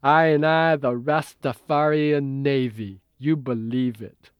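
A man's voice: mid-range voice, fairly even intonation, takes it slowly, clean tone, no room sound, lo-fi sound, close to an everyday voice. Laid-back Rastafarian spacer, clipped easygoing dialect; male reader.

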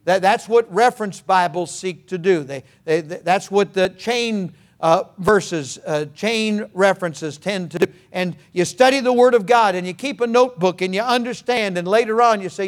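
High-pitched pastor guy preaching, gets shouty and fervent. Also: normal speed, few pauses. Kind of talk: sermon.

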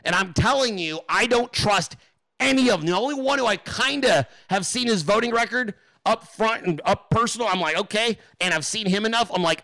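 A man's voice: sits high, brisk, bright, forceful tone, dry recording. A man hosting a political livestream, ranting in an emphatic, profane, rambling way and talking straight to his viewers and chat. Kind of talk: casual profane political rant.

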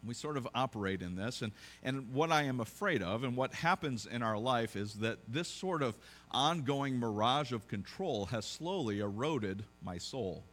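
A pastor preaching a sermon, telling a story conversationally with joking asides and frequent restarts. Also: male voice, mid-range voice, animated, moderate pace, a bit bright.

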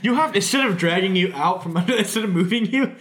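High-voiced man, teasing co-host. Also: animated, a bit bright. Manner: quick reactions and teasing jokes. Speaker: podcast co-host. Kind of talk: casual chat.

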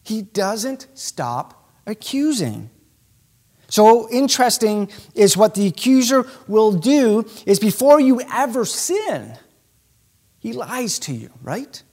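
Male pastor, sermon, high voice, very lively pitch, emphatic delivery. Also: takes it slowly. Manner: animated, emphatic preaching with sudden shifts in pace.

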